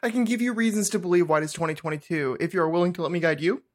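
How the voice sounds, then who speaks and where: A woman's voice: fairly low pitch, racing. A woman co-host reading the user's side of a chat log on a comedy podcast, incredulous and patient. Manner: incredulous, patient, breaks into laughter.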